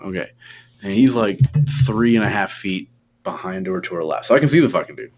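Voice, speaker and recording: A man's voice: fairly low pitch, fairly quick, faint music behind. Profane young man telling a story. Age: 20s. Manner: profane, animated retelling with quoted dialogue. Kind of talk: casual storytelling chat. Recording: dull lo-fi audio.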